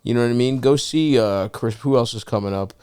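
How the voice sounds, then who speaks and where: A man hosting a podcast, reading an ad and chatting casually, profane and animated. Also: mid-range voice, a little fast, clear, resonant tone. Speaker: podcast host. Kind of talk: casual chat and ad read.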